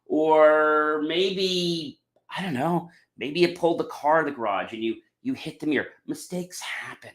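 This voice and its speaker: A man hosting a podcast and giving a motivational talk, emphatic, often tagging on "okay" and addressing the audience as "ladies and gentlemen.". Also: a little high, unhurried. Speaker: podcast host. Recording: roomy echo.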